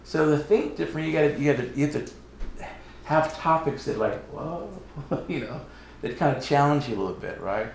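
A man preaches through a personal story, acting out each voice, with his pitch swinging widely. The room is very echoey, with a faint hiss underneath. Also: normal speed, gravelly. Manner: animated storytelling, acts out dialogue, laughs often. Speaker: lay preacher, teacher. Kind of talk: story-driven sermon.

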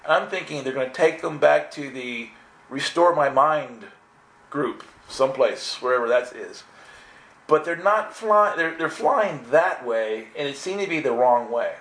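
A man's voice: medium pitch, measured pace. Earnest man telling a spiritual story, echoey room. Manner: earnest, animated storytelling with many restarts. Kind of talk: personal spiritual testimony.

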